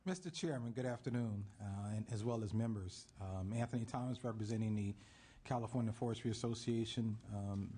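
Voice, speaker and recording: A man delivers formal testimony to lawmakers with a husky, mellow low voice. He speaks in a measured way, repeating his key points for emphasis. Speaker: forestry association advocate testifying.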